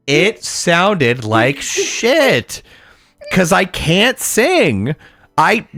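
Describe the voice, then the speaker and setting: Animated, rambling podcast man, dry mic. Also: high-pitched, vocal fry, dry recording. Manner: rambling, many fillers, swears, gets loud and animated. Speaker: podcast co-host. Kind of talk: casual storytelling chat.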